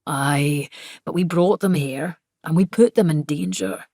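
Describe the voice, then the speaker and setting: Woman doing a quiet gentle guy, murmurs soft and low, a bit gravelly. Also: unhurried, no echo, clean studio sound. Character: quiet, gentle man on a wildlife team.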